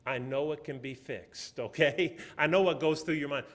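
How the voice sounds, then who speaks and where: A middle-aged man preaching a sermon, telling stories, swinging between loud, emphatic passages and quiet, soft ones. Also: on the high side, normal speed.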